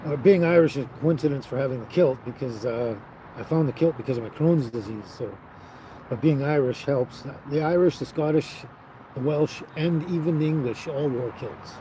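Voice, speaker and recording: Laid-back guy chatting on a livestream outside, mid pitch, traffic rumbling in the background. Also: moderate pace, mellow, low-quality recording. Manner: easygoing, chuckles often, trails off with fillers. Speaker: livestream host reading viewer chat. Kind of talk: casual live chat. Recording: outdoor livestream with noticeable traffic noise.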